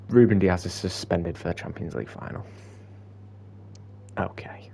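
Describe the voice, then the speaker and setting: A young man talks over his football game in an unhurried, lowish voice, dropping to muttered asides and then bursting out when a play excites him. A faint hum sits behind him in the recording. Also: creaky. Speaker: gaming YouTuber. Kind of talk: gameplay commentary.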